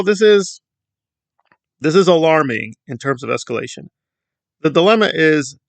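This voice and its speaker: Gravelly, sarcastic male commentator. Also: on the high side, a bit bright, no echo. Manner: sarcastic, lecturing, emphatic. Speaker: YouTube commentator. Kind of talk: opinion commentary vlog.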